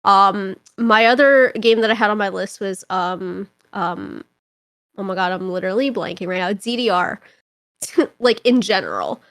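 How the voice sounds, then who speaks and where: A young woman from Toronto, a podcast guest telling stories in casual chat, animated and rambling, with constant filler words. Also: medium pitch, normal speed, no room sound. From Toronto, Canada.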